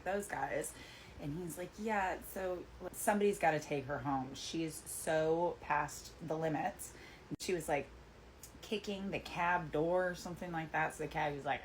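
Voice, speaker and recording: A woman in her thirties telling a casual bar story, chatty and quick to act out what others said. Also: deep voice, a little hiss or hum. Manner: chatty, animated quoting of others, lots of "like". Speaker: bartender.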